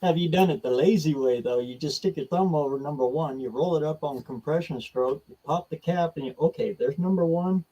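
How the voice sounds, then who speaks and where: A man's voice: on the high side, fairly quick, few pauses, mellow, highs cut off. A man joining a live chat about car repairs with short, offhand remarks.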